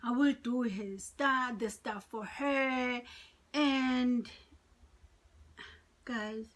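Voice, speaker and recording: A woman's voice: mid-range voice, husky. Chatty woman telling a story. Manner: chatty, dramatic, addresses viewers as guys. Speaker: vlogger. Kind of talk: storytime vlog.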